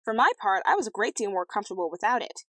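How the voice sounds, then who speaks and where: A woman's voice: medium pitch, very animated, quick pace, fairly bright tone, no room sound. A woman reading aloud, voicing a haughty young princess who speaks in a fussy, complaining way.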